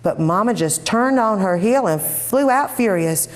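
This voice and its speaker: A woman reads a short story aloud in the first person, lively and expressive. Her delivery is animated and theatrical, as in a live reading. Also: mid-range voice, measured pace. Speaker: reader.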